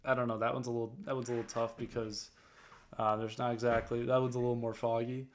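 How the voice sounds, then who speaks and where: A man's voice: mid-range voice, level tone, fast. A young man, a detailing business owner talking casually to camera, rambling with many fillers as he coaches viewers. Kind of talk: casual vlog talk.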